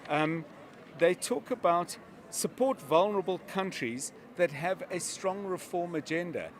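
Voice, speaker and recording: Guy breaking down news coverage live, calm and explanatory, slightly higher voice, faint street noise behind. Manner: measured, explanatory, uses examples. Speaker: media analyst.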